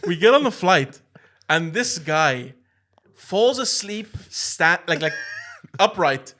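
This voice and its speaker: A young man co-hosting a podcast, telling a funny travel story in casual chat, animated, with lots of restarts. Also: sits high, takes it slowly. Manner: animated, laughing, many restarts and "bro". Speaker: podcast co-host.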